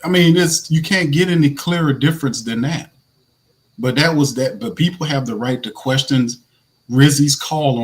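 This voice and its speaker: A man with a naturally raspy voice hosting casual live fan commentary, animated, blunt and slangy, laughing often. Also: mid-range voice, normal speed. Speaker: host.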